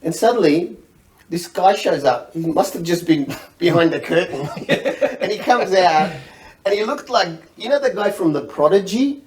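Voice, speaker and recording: Animated male comic storyteller, slightly off-mic. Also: high-pitched, normal speed, far from the mic, poor audio. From Egypt. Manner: animated, acts out the people in his story, laughs through lines. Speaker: comedian guest.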